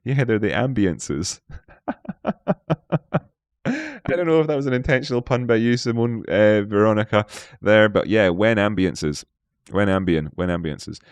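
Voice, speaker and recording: A man's voice: fairly low pitch, animated, unhurried, long pauses, smooth, no room sound. A man hosting a live market analysis stream, playful, chatting with viewers and talking to himself. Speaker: trading stream host.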